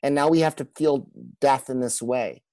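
A man speaking as a pastor talks earnestly in a conversational podcast, at a normal speed with a medium-pitched, slightly mellow voice. He often repeats words and acts out quoted speech. The audio is poor but has no echo.

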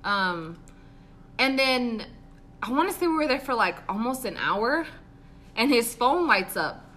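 Bright, animated young woman telling a story. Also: on the high side, unhurried. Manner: animated, swearing, acts out quotes, laughs often. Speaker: podcast co-host. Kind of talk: casual storytelling chat.

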